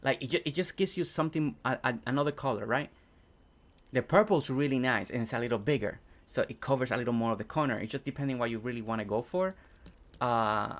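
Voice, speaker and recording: Talking fast in a medium-pitched voice, a young man whose first language is Spanish hangs out on a game live stream. He reads chat aloud and thinks out loud while building.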